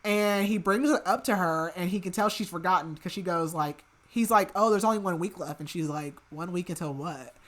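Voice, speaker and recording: A woman hosting a podcast, recapping a book in casual chat, rambling with lots of filler "like" and dropping into soft murmured asides. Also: fairly low pitch, brisk, few pauses. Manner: rambling, heavy use of filler "like", chatty asides; laughs at her own remarks, drops to soft murmured asides. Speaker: podcast host.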